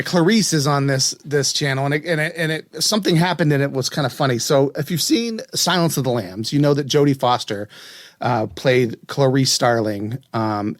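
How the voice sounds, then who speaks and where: A chatty man from West Virginia in a casual podcast talk, his mid-pitched voice recorded dry and close. He rambles, breaks off mid-sentence, and picks the thread back up. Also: no room sound. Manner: rambling, chatty, self-interrupting. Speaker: podcast host. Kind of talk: casual chat.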